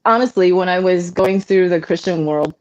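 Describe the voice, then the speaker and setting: A woman talking as an interview guest, telling stories in a lively way and laughing often. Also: fairly low pitch, normal speed, muffled recording. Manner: laughs often, animated storytelling. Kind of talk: casual interview conversation.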